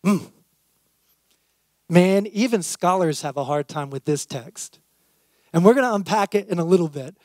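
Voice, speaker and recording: Youth pastor preaching, man with a very high voice, dramatic scripture reading, dry close recording. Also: normal speed, long pauses, no echo. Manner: reads scripture aloud, acts out quotes with lively emphasis. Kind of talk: sermon.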